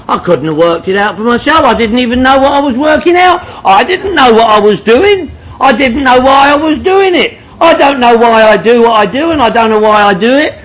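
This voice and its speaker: A man's voice: very high-pitched, animated, a little fast, hardly any pauses, a bit bright, low-quality recording. A man from northwest London with a London accent, speaking at a recovery meeting and firing off joking, repetitive rhetorical questions.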